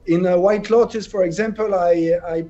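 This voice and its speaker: A man with a French accent, a guest actor in an interview, answering in halting English and often pausing to search for words. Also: sits high, fairly even intonation, mellow, muffled recording, faint music behind. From France.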